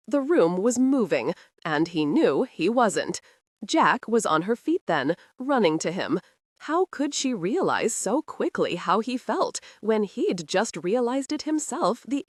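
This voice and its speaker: Woman narrator for a period romance audiobook, animated pitch, dry close booth. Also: no room sound. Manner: expressive storytelling with lively pitch.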